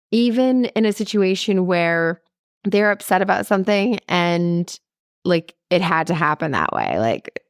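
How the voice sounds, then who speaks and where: A woman's voice: mid-range voice, no room sound, studio quality. A woman hosting a podcast, talking casually and chattily with lots of "like" and "right?". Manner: chatty, lively, frequent "like" and "right?". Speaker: podcast host. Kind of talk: casual solo podcast talk.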